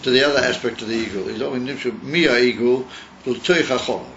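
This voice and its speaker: A rabbi leads a text-study lesson, explaining each idea and thinking aloud with restarts. His voice sits at an ordinary middle pitch for a man. The recording is dull and lo-fi with a faint hiss behind him. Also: fairly quick, fairly bright tone. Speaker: rabbi teaching a class.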